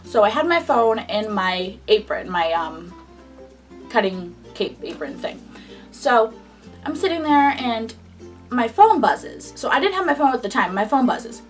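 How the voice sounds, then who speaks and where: A woman's voice: a little high, measured pace, far from the mic, soft background music. A young woman casually telling a personal story in a chatty style, full of "like". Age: young adult. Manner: chatty, frequent "like", animated retelling. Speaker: vlogger.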